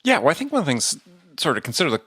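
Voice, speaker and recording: A man hosting a business podcast, asking quick, probing questions of his guest. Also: fairly high pitch, huge pitch swings, sharp tone, slightly rough, no room sound. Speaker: podcast host. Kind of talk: interview questions.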